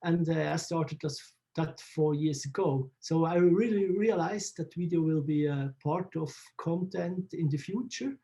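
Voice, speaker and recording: A man from Switzerland answers interview questions in halting English, often searching for words. His voice is gravelly and mellow, and he talks at a slow, unhurried pace. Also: on the high side. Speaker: photographer interviewee.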